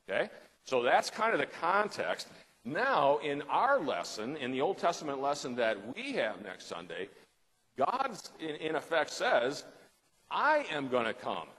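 A man's voice: medium pitch, fairly bright tone. Man teaching scripture in a reverberant hall. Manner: conversational, stumbling restarts, emphatic stresses. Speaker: Bible study teacher. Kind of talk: Bible study lesson with scripture reading.

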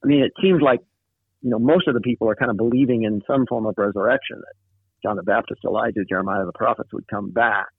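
A man's voice: on the low side, fast talker, husky, dry recording. A man in a casual Bible study discussion, explaining a passage thoughtfully with frequent fillers. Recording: tinny phone-like line.

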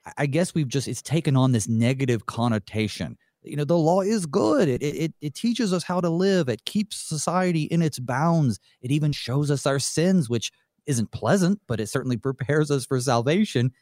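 A man's voice: normal speed, no room sound, studio quality. A man who is a pastor and guest on a radio Bible study, talking thoughtfully and acting out examples. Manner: thoughtful, uses lively pitch to act out examples.

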